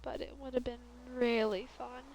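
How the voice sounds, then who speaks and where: A woman's voice: on the high side, little pitch movement, normal speed, darkish tone, slight background noise, low-quality recording. A young woman streaming a building game, chatting casually and rambling with lots of fillers in a valley girl lilt. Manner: rambling, filler-heavy, self-correcting. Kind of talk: casual chat while gaming.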